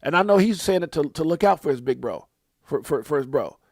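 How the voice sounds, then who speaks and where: Rambling heartfelt man, slightly high voice. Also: lively intonation, brisk, a little mellow, no echo, clean studio sound. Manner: rambling, heartfelt, repeats words, preacher-like phrases. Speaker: crypto livestream host. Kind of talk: casual livestream chat.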